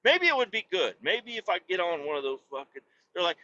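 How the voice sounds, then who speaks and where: A man's voice: high-pitched, big pitch swings, brisk, pushed and bright. A man hosting a podcast alone in a loose, rambling, profane monologue, often cutting himself off mid-sentence. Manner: rambling, profane, self-interrupting. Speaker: podcast host. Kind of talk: casual solo podcast monologue. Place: home podcast setup in Missouri. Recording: dull lo-fi recording.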